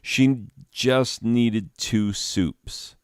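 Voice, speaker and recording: A young man telling a rambling comic story, deadpan, with lots of asides and fillers. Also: medium pitch, extremely slow, clean tone, dry recording, studio quality. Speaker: comedian.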